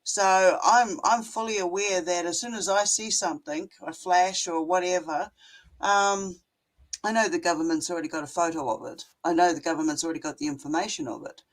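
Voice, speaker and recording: A woman's voice: on the low side, brisk, poor audio. Blunt New Zealand woman, salty and emphatic. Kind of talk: casual panel chat.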